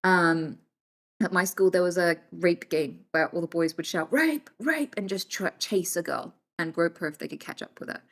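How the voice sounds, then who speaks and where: A woman's voice: fairly low pitch, level tone, normal speed, creaky, fairly bright tone. A British woman streaming live, answering her chat casually and bluntly, swearing freely and moving between jokes and serious points.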